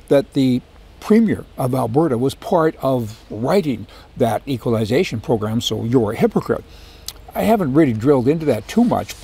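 Husky man ranting about politics. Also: mid-range voice, mellow. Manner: ranting, sarcastic asides. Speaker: political commentary host. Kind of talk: opinionated monologue.

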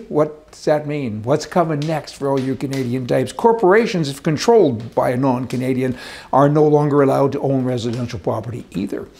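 A man's voice: fairly high pitch, vocal fry, darkish tone. A man giving opinionated political commentary in an emphatic, rambling rant, talking indoors beside a fireplace.

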